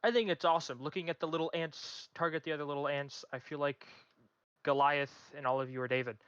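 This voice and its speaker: A man's voice: on the high side, fairly even intonation, fast talker, fairly bright tone, clear, resonant tone, no room sound. A man who flies helicopters in a gaming unit, speaking over voice chat in a heated, swearing rant. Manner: fired-up, swearing, emphatic. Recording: dull, dry voice chat mic.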